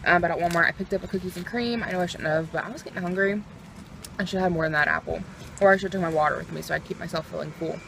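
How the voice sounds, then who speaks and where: A woman's voice: lowish voice, rapid-fire, vocal fry, a little hiss or hum. Chatty woman in her twenties vlogging. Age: 20s. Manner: chatty and easily excited, laughs often. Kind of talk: casual vlog chat to camera. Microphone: phone camera.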